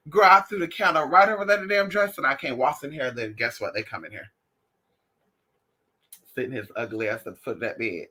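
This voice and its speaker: A sassy woman chats straight to her viewers and tells them stories. Her pitch swings widely from line to line, and her voice sounds bright and forceful, with a lot of attitude. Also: fairly quick, breathy edge. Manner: animated, sassy, calls listeners honey and y'all. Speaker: spiritual class teacher, vlogger. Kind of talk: casual storytelling to viewers.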